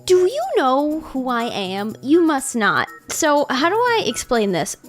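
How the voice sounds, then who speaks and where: A young woman streamer chats in a casual, playful vlog style. Her voice sits high and bounces wildly up and down, climbing even higher whenever she gets worked up, with faint music playing underneath. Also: a little slow. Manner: animated, jokey, voice shifts up when excited. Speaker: streamer and content creator.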